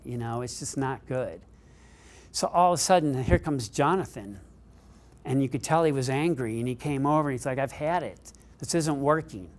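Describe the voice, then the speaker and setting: A middle-aged man delivers a keynote speech, telling a story in an animated way. His pitch rises as he gets excited.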